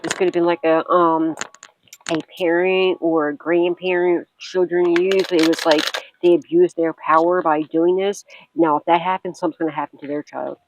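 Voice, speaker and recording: A woman tarot reader talks straight to her viewers, walking through a reading bluntly and without a filter. She swears freely, laughs often and keeps circling back to comfort the listener. Her lowish voice holds a steady tone at a moderate pace, on poor audio with a little hiss or hum.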